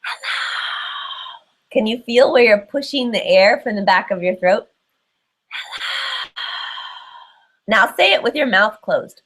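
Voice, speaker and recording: A woman teaching meditation and breathing techniques to a group. She talks calmly and gently and explains each step patiently, in a steady everyday pitch. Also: moderate pace, few pauses, poor audio. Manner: calm, gentle, instructive with soft laughs. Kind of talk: guided breathing instruction.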